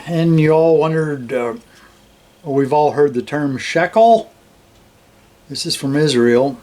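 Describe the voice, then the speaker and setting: An older man showing his coin collection in a slow, relaxed, admiring way, with many fillers. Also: on the high side. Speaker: metal detecting hobbyist host. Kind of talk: casual show-and-tell of a coin collection.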